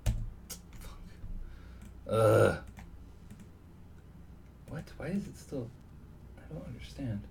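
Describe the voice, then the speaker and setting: A man's voice: medium pitch, extremely slow, creaky, long pauses. A man giving live commentary on his own online poker session, thinking aloud and muttering to himself at his computer. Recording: distant mic with steady background noise.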